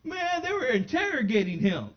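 A man with a high voice preaches to his congregation in a church, moving between easy conversational asides and loud, fervent proclamations. The recording sounds dull and lo-fi, with the top end muffled. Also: very animated, normal speed. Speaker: pastor. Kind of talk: sermon. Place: church sanctuary.

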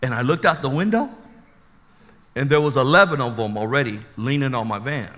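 Bright-voiced man telling a dramatic testimony. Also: mid-range voice, a little fast. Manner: animated, dramatic storyteller. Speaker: preacher giving his testimony. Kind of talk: sermon testimony storytelling. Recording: long hall reverb.

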